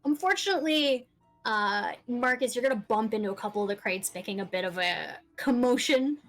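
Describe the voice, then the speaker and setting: A woman's voice: on the high side, expressive, fairly quick, soft background music, poor audio. A woman narrating a tabletop game as dungeon master, often laughing as she describes the scene.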